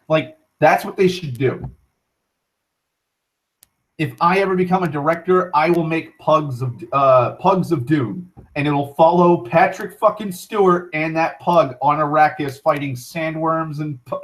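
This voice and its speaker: A young man with a slightly higher-than-usual voice rambles through a casual online monologue. He swears freely, trips over his words and restarts sentences. His tangents turn excited. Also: rough recording. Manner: rambling, profane, self-correcting, excitable. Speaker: internet talk show host.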